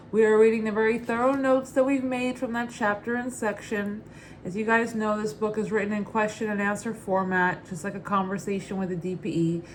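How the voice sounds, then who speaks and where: A woman's voice: medium pitch, a little hiss or hum. Upbeat woman reading pilot study notes.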